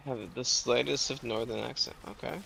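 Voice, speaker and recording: Gravelly, bright-toned man. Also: mid-range voice, steady tone, normal speed, poor audio. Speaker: co-player friend. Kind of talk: casual chat during game.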